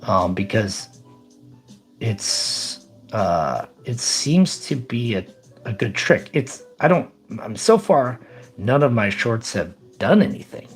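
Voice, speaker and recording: A man's voice: medium pitch, sing-song, slow, faint music behind. A man casually chatting on his live stream, rambling upbeat as he reads out chat.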